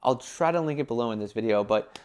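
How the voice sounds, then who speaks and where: A young man giving casual business advice in a vlog, talking animatedly and filling his talk with "like" and quick acted-out quotes. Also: medium pitch, expressive, darkish tone, smooth. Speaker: entrepreneur giving brand advice.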